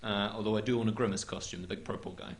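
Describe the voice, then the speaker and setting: A man's voice: on the low side, steady tone, very fast. A man hosting a comedy talk show, reading viewer notes in a dry, mock-formal way.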